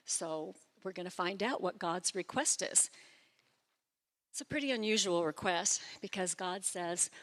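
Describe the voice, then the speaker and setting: A woman preaching a sermon in a church, explaining scripture in an animated, chatty way with light self-deprecating humor. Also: on the low side, measured pace.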